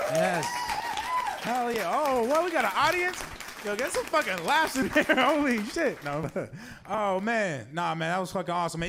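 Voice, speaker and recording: A man hosting a comedy show in a small venue, joking loosely and laughing at his own flops. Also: extremely high pitch. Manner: laughing, self-mocking, loose banter. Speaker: show host. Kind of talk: hosting a comedy open mic. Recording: crowd and noise in a small venue.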